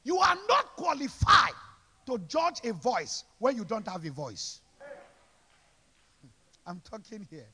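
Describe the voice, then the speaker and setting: High-pitched shouting man preaching. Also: very animated, slow, long pauses, slightly rough. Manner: shouted call-and-response preaching, heavy repetition. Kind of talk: sermon. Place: church service.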